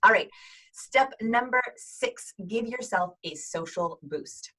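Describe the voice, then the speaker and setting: A woman's voice: fairly high pitch, slow pace, low-quality recording. A woman in her thirties hosting an upbeat instructional video, talking energetically and acting out sample greetings. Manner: energetic, demonstrates voices and greetings. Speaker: host giving video call tips.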